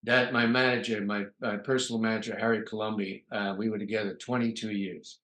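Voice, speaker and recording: A man's voice: on the low side, flat delivery, fairly quick, fairly bright tone. Rambling older man in a roomy echo. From New York, USA. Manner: rambling anecdotes full of uh fillers. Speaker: guest comedian. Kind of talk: casual storytelling interview.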